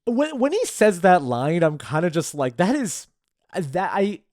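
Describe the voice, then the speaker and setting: A man co-hosts a casual movie podcast, rambling animatedly with lots of fillers. His voice is high-pitched and his pace measured, captured at studio quality with no room sound.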